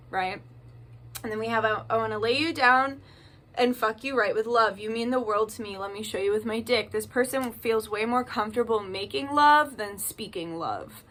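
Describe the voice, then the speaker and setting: Bright-voiced chatty woman reading tarot. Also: mid-range voice. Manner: chatty, reads card messages aloud with emphasis. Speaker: tarot card reader.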